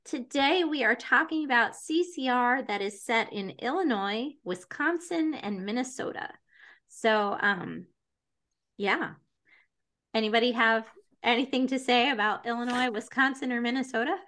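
A woman's voice: fairly high pitch, moderate pace, bright, forceful tone. A woman hosting a casual book podcast, chatty and enthusiastic, often laughing as she talks. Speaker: podcast host.

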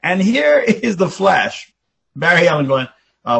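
Middle-aged man, raspy, slightly high voice, enthusiastic fan, casual podcast chat. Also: unhurried. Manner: enthusiastic fan, explaining with rising excitement.

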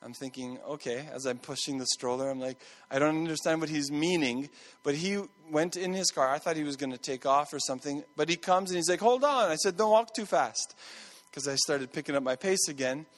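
A male pastor in his thirties preaches in a relaxed, storytelling way and circles back to repeat his key points. His voice sits a little higher than most men's. The sound carries a long reverb, like a big church hall. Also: fairly quick. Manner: conversational storytelling with repeated phrases. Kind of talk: sermon.

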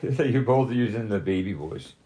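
A man with a very deep voice rambles through a casual group call, dropping curse words as he goes. His talk is loose and unhurried. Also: lively intonation, dark tone, slight background noise. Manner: rambling, swears often.

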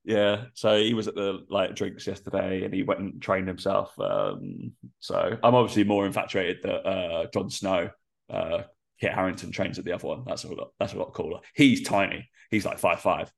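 Stuffy-nosed man, low gravelly voice, rambling casual podcast host. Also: normal speed. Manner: rambling, full of fillers, laughs often. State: congested, nasal from a cold. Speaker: personal trainer and podcast host.

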